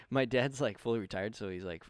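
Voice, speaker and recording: A man co-hosting a casual podcast chat, swearing freely and telling animated stories about his family. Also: fairly low pitch, clean tone, no room sound, studio quality. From Mexican family. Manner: fast, swearing, animated storytelling. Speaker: podcast co-host.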